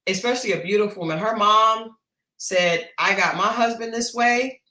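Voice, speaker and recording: On a livestreamed chat show recorded in an echoey home studio, a female podcast co-host speaks at normal speed with a medium-pitched voice. Her take on a reality dating series is blunt and gossipy, delivered as an animated retelling.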